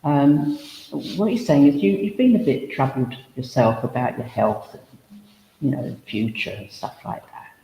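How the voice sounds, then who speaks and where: A man's voice: mid-range voice, big pitch swings, a little slow, gravelly, warm tone. A man working as a spiritualist medium, giving a chatty, humorous demonstration at a service in a village hall. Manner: chatty and humorous, full of asides and anecdotes. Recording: echoey hall reverb, faint noise.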